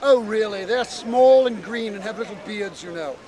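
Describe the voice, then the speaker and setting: A man's voice: sits high, normal speed, a little mellow, pitched below the performer's own voice, close to an everyday voice. Man doing a plummy English toff. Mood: pompous. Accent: posh English put-on. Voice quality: pompous, plummy. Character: pompous upper-class English gentleman.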